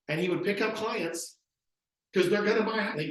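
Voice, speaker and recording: A man leading a real estate training talk, acting out sales pitches as he tells stories. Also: normal speed, a bit bright. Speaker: real estate team leader. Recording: very echoey room.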